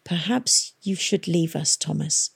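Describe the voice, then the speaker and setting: A woman reading an audiobook, voicing a patient, commanding woman leader who speaks slowly and firmly. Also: fairly low pitch, vocal fry, slightly rough, exaggerated voice. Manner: slow, measured and firm. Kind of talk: audiobook character voice.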